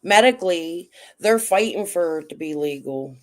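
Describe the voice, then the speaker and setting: A woman with a fairly low voice hosts a casual livestream. She talks bluntly and swears often as she answers her chat. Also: animated, normal speed. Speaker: livestream host.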